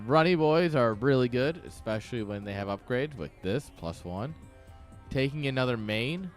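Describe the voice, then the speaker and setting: A man giving casual live commentary on a strategy game match, dry and sarcastic, rambling with lots of fillers. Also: mid-range voice. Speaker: esports caster.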